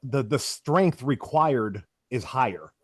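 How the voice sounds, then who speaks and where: Man, strongman coach, casual podcast host, fast energetic talk, mid pitch, dry mic. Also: no echo. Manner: quick, energetic talker.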